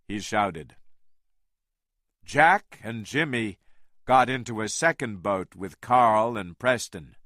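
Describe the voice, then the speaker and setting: A man narrating a learner's storybook at a very slow, deliberate pace, every word clearly articulated. His voice is bright and lively in pitch, recorded dry and close. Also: no echo. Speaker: audiobook narrator. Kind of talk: slow reading of a graded English-learner storybook.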